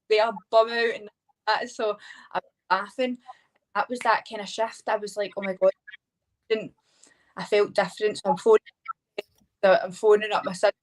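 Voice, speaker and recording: A woman with a Scottish accent, a hypnotherapist guest telling a personal story in a lively, chatty way full of laughs and fillers. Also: mid-range voice, rough recording. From Scotland. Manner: animated, laughing, many fillers like "like". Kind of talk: casual storytelling interview.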